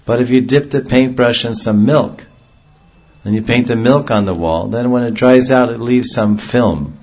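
A man's voice: medium pitch, normal speed, darkish tone, dull audio. A man giving an earnest devotional sermon, explaining ideas with homely examples. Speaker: preacher.

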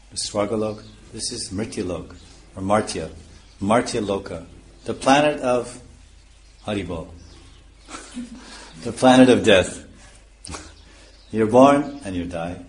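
A man's voice: lowish voice, darkish tone, slight background noise. A man giving a scripture lecture as a spiritual teacher, explaining terms one by one and chuckling at his own points.

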